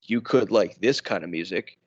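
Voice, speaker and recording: A man's voice: fairly low pitch, moderate pace, dry recording, lo-fi sound. A young man from New York co-hosting a podcast, chatting casually with rambling, self-correcting asides. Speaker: podcast co-host. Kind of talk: casual chat.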